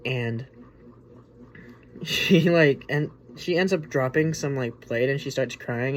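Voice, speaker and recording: The host of a casual spoken movie review show, a man with a voice on the high side, talks at normal speed. His delivery is rambling and informal, packed with restarts and filler words such as "like" and "you know."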